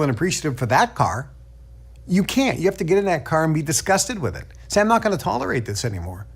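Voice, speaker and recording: A middle-aged man giving a motivational teaching talk, emphatic, acting out quoted self-talk in a raised voice. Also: fairly high pitch. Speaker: teacher of a book study.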